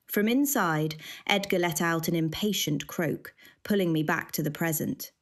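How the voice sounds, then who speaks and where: Low slow woman reading a cozy mystery audiobook, wry and measured. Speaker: audiobook narrator. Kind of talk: scripted first-person audiobook narration.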